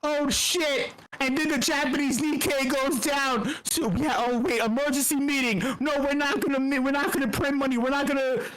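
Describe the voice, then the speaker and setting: High-pitched and fairly bright, this host speaks with even intonation at a moderate pace and few pauses, recorded low-quality on a computer mic at an online meetup. It's a weary, rambling, profane comedic finance rant full of stammers, restarts, and mock quotes.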